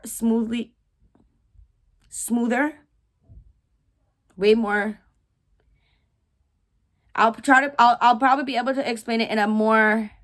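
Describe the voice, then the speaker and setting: A woman in her twenties talking to camera at home, rambling and candid with slang and dark jokes. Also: mid-range voice. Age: 20s. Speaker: vlogger, widow. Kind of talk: casual talk to camera. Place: home room.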